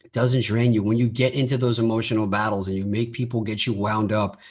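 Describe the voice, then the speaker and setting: A man's voice: fairly low pitch, flat delivery, a little fast. A man talking casually on his solo podcast, often repeating words as he starts his sentences. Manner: acts out quoted dialogue in his own voice. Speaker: podcast host.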